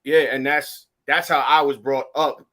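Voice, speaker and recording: A man's voice: medium pitch, little pitch movement, a little slow, fairly bright tone. A young man co-hosting a podcast, speaking earnestly and reflectively with many casual fillers. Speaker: podcast co-host. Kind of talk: casual chat.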